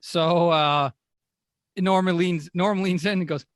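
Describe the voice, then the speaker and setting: A man's voice: high voice, fairly even intonation, slow pace, no room sound. A man co-hosting a podcast, animatedly retelling a story with lots of fillers and quoted lines. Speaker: podcast co-host. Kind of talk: casual storytelling chat.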